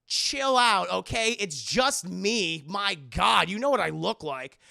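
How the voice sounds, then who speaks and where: Guy putting on a gravelly, crude villain cult leader, loud and mocking. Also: high-pitched, expressive, slow, heavily acted. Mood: taunting.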